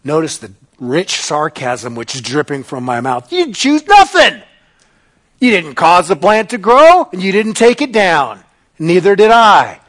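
A male pastor preaching a sermon, dramatic and sarcastic, swinging between loud bursts and hushed asides. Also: sits high, expressive, a little slow.

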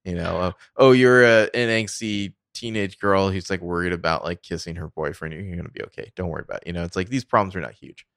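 Deep-voiced man in a wry movie chat. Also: fast talker, hardly any pauses, fairly bright tone, no echo, clean studio sound. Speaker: podcast co-host. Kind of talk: casual movie review chat.

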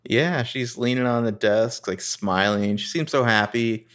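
A man co-hosting a podcast, recapping a TV episode in a relaxed, hesitant way and reading lines of dialogue aloud. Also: medium pitch, unhurried. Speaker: podcast co-host. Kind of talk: casual chat recapping a TV episode.

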